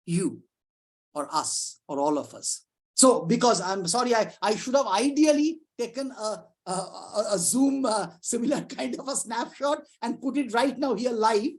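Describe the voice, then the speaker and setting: A middle-aged woman, a psychiatrist giving an informal lecture over a video call, talking in a lively, conversational way with frequent restarts and asides. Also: a little high, a little slow.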